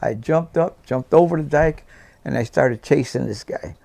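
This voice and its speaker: A man's voice: on the high side, normal speed, creaky, dark tone, dry recording. A man in his seventies, a veteran guest, vividly recounting war memories and acting out the dialogue. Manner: vivid storyteller, acts out dialogue. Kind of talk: personal war storytelling.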